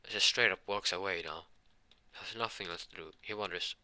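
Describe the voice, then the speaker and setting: A man retelling a fan story in a halting, casual way full of fillers and restarts. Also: deep voice, bright, forceful tone, dry recording.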